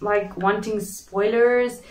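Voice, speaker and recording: A woman's voice: medium pitch, steady tone, slow pace, a little mellow. A woman hosting a casual chat, talking in a playful, chatty way and often checking in with "okay?". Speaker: host. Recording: echoey room.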